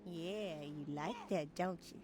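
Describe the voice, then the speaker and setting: A woman's voice: lowish voice, takes it slowly, noisy background. A woman voicing a flirtatious female escort in a video game, teasing and sultry.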